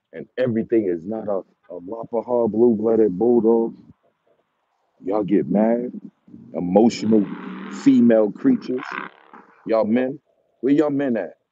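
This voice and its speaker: With a low, breathy-edged voice, a man who breeds dogs mocks his viewers in a repetitive, taunting rant punctuated by chuckles. The recording is dry, dull, and lo-fi.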